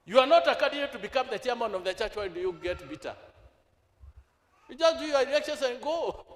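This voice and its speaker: Animated and quick, the very high-pitched voice belongs to a Kenyan man preaching in a church hall with heavy echo. He keeps asking the congregation rhetorical questions, dropping into Swahili in the middle of sentences.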